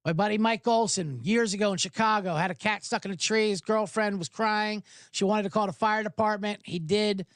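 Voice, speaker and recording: A man's voice: high voice, fairly even intonation, a little fast, few pauses, fairly bright tone, no room sound, studio quality. A man hosting a sports betting podcast, talking in a hyped, rambling way, swearing and spinning jokey analogies. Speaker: podcast host.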